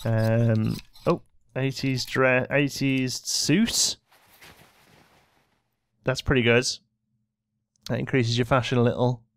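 A man's voice: mid-range voice, level tone, slow, pauses often. Chatty man playing a game. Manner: chatty, bossing his game characters around with mock exasperation. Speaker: let's play host. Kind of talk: casual gameplay commentary.

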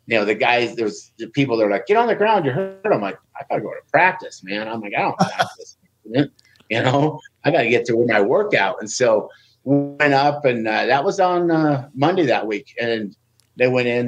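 Guy telling wild stories on a podcast, acts out the quotes louder. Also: medium pitch, breathy edge, low-quality recording. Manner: animated, acts out quoted speech in a raised voice. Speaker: guest, Olympic wrestler. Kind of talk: casual podcast storytelling.

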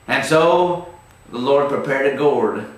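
A man's voice: medium pitch, takes it slowly. A man teaching a televised Bible study in a folksy, emphatic way. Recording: very echoey room, distant mic.

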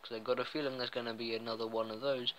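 A man's voice: mid-range voice, level tone, fast, a bit bright, slight background noise, rough recording. Self-mocking man narrating gameplay. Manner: chatty, self-mocking, rambling. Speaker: gameplay commentator. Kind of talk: casual let's-play commentary.

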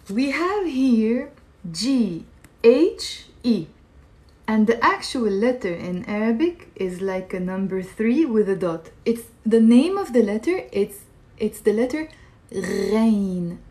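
A woman giving a live online pronunciation lesson. She slowly repeats each sound for her viewers to copy. She keeps asking them questions and waiting for answers. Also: fairly high pitch, darkish tone. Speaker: Arabic teacher.

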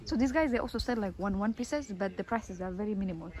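A woman's voice: medium pitch, quick pace. A woman casually vlogging while walking through an outdoor street market, talking to a handheld camera with lots of "like" fillers. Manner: chatty, many "like" fillers. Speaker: vlogger showing shops. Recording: phone vlog with loud street noise. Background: street ambience and traffic.

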